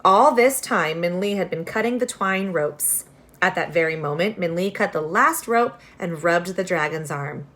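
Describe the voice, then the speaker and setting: A woman reading a children's novel aloud, expressive, with casual asides to her listeners. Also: fairly low pitch, moderate pace. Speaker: reader.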